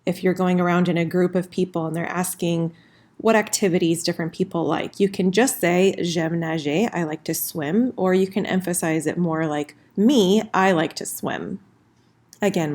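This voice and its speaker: Woman teacher, lowish voice, casual explainer, slows for examples, typing in the background. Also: steady tone, darkish tone. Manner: friendly, slows down for example phrases. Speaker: French teacher. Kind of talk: casual recorded lesson at a whiteboard.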